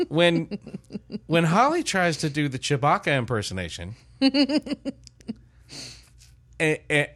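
An older man in casual chat, telling a lively family story as podcast host. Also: medium pitch. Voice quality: animated storyteller, loud put-on shouts in quotes.

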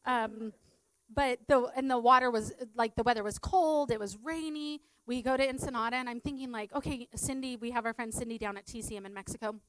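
A woman's voice: fairly high pitch, steady tone, fairly quick, no echo, low-quality recording. A middle-aged woman, a teacher, sharing a personal testimony in a chatty way full of fillers. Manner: chatty, filler-heavy storytelling.

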